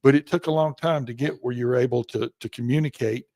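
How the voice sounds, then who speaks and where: Male host, sixties, mid-pitched, dry sound, halting casual talker. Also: fairly even intonation, warm tone, no echo. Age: 60s. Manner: halting, full of fillers and restarts. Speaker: show host. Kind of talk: casual chat.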